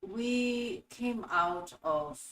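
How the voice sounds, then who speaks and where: A woman hosting a spiritual teaching talk in a fairly high voice, animated and acting out little scenes as she explains. Her voice sounds set back from the mic in a roomy, echoey space. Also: very slow, a little hiss or hum. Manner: animated storytelling with acted-out quotes. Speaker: host. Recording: echoey room, voice from a distance.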